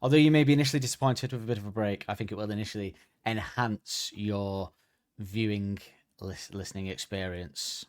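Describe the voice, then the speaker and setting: A man hosts a podcast in loose, casual chat. He rambles and jokes, often cutting himself off and restarting mid-sentence. His voice sits fairly low. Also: steady tone, a little fast, a little mellow. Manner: rambling, self-interrupting, jokey. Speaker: podcast host.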